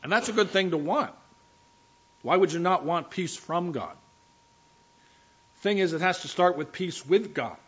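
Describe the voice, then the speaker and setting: A man's voice: high voice, animated, a little slow, pauses often, fairly bright tone, husky. Conversational male pastor, lo-fi recording. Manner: conversational, addresses the congregation directly. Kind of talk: sermon.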